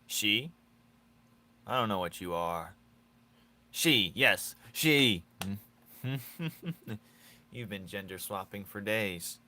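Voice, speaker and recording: A male streamer sketching live and bantering with his chat in a loose, teasing way. His voice sits a little low but sounds bright and forward. He talks at an unhurried, drawn-out pace and breaks into laughter often. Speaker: streamer drawing live and chatting with viewers.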